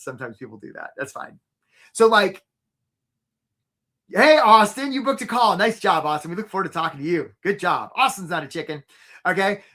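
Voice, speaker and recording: A man's voice: high voice, bright, forceful tone. A man hosting a live career webinar as a coach. He talks casually and upbeat, often asks "right?", and speaks straight to his viewers.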